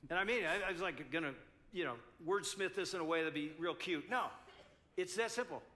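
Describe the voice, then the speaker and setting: A man's voice: high voice, brisk, bright, forceful tone. An older man in his sixties, a pastor speaking at a couples conference, telling a story animatedly and acting out both sides.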